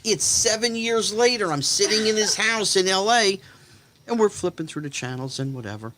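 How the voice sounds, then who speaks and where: A man in his fifties, a guest in a casual chat, telling anecdotes with animated delivery and slipping into other people's voices. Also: high voice, normal speed, slight background noise. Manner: animated, acts out quoted voices. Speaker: guest storyteller.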